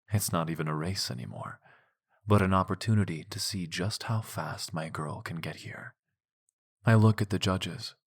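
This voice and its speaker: A man reads a romance novel aloud in a very low, deep voice. His delivery is intimate, dropping into soft breathy passages. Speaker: audiobook narrator. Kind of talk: scripted narration of a romance novel.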